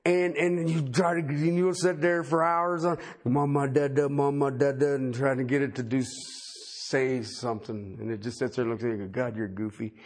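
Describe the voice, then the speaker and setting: A middle-aged man preaching a sermon in a folksy, animated way, with joking asides. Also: medium pitch, normal speed, hardly any pauses. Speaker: pastor.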